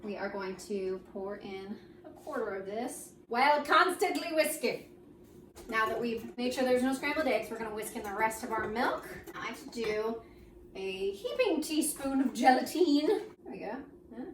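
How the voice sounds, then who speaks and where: A playful woman hosts a baking demonstration, cracking jokes and talking to herself as she works. Her voice sits a little high and sounds distant from the mic. It echoes around a roomy kitchen over steady background noise. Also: moderate pace. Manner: goofy, jokes and chats to herself while working. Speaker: baking show host.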